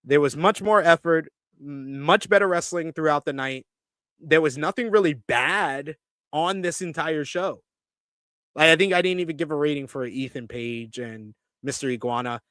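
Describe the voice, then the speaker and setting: Dude reading live chat on his wrestling review stream, kinda high voice, dry close sound, gets loud and swears. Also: moderate pace, clear, resonant tone, no room sound. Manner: animated, swears when ranting.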